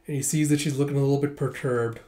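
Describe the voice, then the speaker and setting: A man casually narrating a manga readthrough, chatty and amused with quick asides. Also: mid-range voice, steady tone, darkish tone. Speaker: manga reader.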